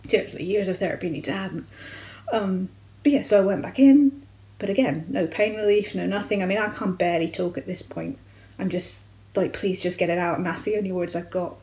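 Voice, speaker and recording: A young adult woman vlogger, from the United Kingdom, recounting a personal medical experience in a candid, halting way with frequent restarts. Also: medium pitch, dark tone, rough recording. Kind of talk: personal storytelling vlog.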